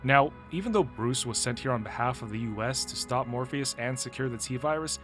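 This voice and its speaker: A man's voice: mid-range voice, fairly quick, a bit bright, faint music behind. A man narrating a casual, opinionated video game story recap and laughing often. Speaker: gaming video host.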